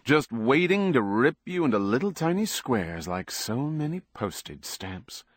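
A man's voice: medium pitch, sing-song, unhurried, dry recording, studio quality, voice pushed up. A man voicing a cool, harsh female singer who speaks grimly. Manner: grim, harsh.

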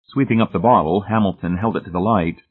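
A man narrates a story as an audiobook, even and measured. His voice is low and husky. It sounds thin, like it is coming over a phone line. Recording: tinny, phone-like narrow sound.

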